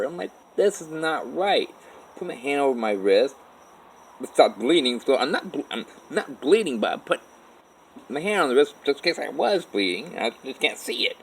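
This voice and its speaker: A man telling his own life story in a halting, rambling way, with many restarts. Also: on the high side, a little hiss or hum, poor audio. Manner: halting, with restarts and repeated "all of a sudden". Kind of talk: rambling first-person storytelling.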